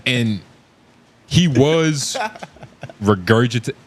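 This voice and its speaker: A man co-hosting a podcast in casual chat, pausing often with "uh" and "you know". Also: mid-range voice, animated. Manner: hesitant, full of "uh" and "you know". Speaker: podcast co-host.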